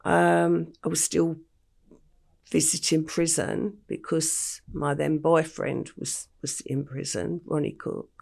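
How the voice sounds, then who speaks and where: An older woman from England, telling her life story in an interview at a slow, matter-of-fact pace. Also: low-pitched, level tone, a little mellow. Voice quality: gravelly, husky voice. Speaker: podcast guest.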